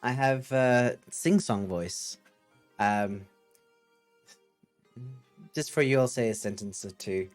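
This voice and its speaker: A man's voice: mid-range voice, slow pace, pauses often, faint music behind. A man hosting a casual coding livestream, thinking aloud and chatting with viewers in a rambling, upbeat way. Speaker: livestream host.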